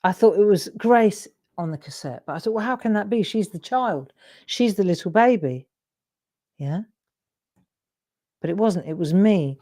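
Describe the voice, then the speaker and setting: This craft demonstrator and host, a middle-aged woman, rambles and cuts herself off as she chats casually while drawing live. Her mellow voice sits at medium pitch, with lively intonation, a moderate pace and frequent pauses.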